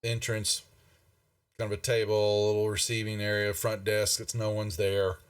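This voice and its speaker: A man's voice: on the low side, completely flat delivery, moderate pace, smooth, far from the mic. A man running a tabletop game as game master, describing scenes in a loose, rambling way.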